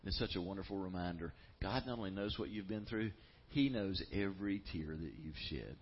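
Guy preaching a sermon, low husky voice, earnest and emphatic, kinda dull lo-fi sound. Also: brisk. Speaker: pastor.

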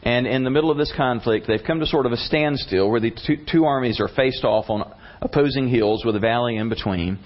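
Preacher guy telling a bible story, mid pitch, chill and chatty, bit muffled. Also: a little fast. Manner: casual, conversational storytelling with slang. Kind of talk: sermon retelling a Bible story. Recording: slightly muffled lo-fi recording.

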